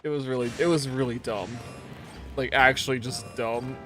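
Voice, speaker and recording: A man's voice: mid-range voice, moderate pace, faint music behind. Rambling young man streaming a game. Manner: rambling, animated storytelling with slang. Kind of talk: casual livestream chat.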